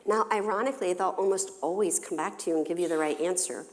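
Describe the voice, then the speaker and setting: A woman's voice: lowish voice, fast talker, big-room sound. A woman counselor giving a parenting talk in a church, engaging her listeners with questions. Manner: engaging, poses questions to the audience. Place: church hall.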